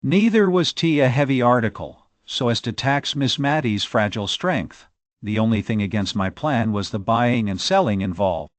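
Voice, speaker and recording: Man, audiobook narrator, expressive storytelling, mid pitch, dry close sound. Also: normal speed, no room sound. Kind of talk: scripted narration of a novel.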